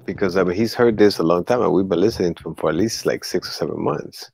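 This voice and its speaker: A man's voice: deep voice, quick pace, gravelly, a little mellow, slightly rough. A man in a casual group voice chat, talking bluntly with many fillers and restarts. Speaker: group member.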